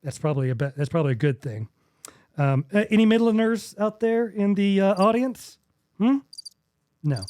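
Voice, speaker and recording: A man's voice: sits high, expressive, darkish tone, no room sound. A young man from with a drawl, hosting a casual podcast chat and joking around as he rambles. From West Texas. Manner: joking, rambling, quick to laugh. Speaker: podcast host.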